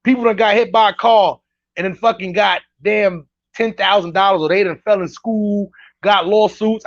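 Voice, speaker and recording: A man hosting casual reaction commentary, animated and incredulous, talking straight to his chat. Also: sits high, no echo, dull audio. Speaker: commentary host reacting to clips.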